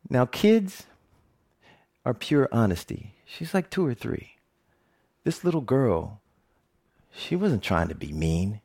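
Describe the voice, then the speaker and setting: A man's voice: lowish voice, a little mellow. A middle-aged man giving a personal storytelling speech, humorous and self-mocking. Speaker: TV reporter giving a talk.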